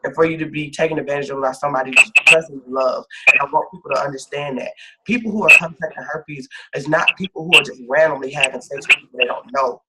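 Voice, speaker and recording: Brief: higher-pitched male life coach, emphatic and repetitive, heavy background noise with clicks. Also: fast. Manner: emphatic, repeats phrases for stress. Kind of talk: supportive one-on-one talk.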